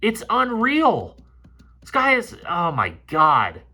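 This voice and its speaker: Male film analyst, high bright voice, hot-headed and profane, breaking down game tape. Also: slow pace, breathy edge. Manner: excitable, profane, gets fired up.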